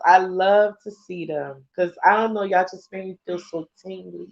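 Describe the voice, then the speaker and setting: An effusive, emotional woman talks straight to her followers in a loose, laughing, heartfelt way. Her voice sits at a middle pitch. It comes through a slightly dull, lo-fi recording. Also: moderate pace, gravelly, slight background noise. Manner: emotional and effusive, swears casually; laughs often, with a loose conversational rhythm. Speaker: spiritual vlogger addressing followers. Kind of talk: casual heartfelt talk.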